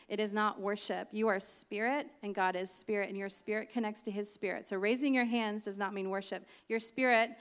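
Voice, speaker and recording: A woman's voice: mid-range voice, a bit bright, smooth. A woman preaching a sermon, reading scripture aloud with chatty, laughing asides.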